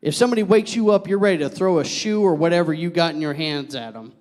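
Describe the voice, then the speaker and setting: Young male pastor, high voice, lively sermon with asides to the room, long reverb of the church hall. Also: fast talker. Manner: animated, joking with the congregation, drops to a near whisper.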